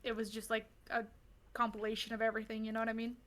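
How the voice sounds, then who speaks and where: A woman's voice: a little high, monotone, fast, fairly bright tone. A woman co-hosting a book-cast, chatting casually about the book with lots of fillers. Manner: chatty, lots of "like", laughs easily.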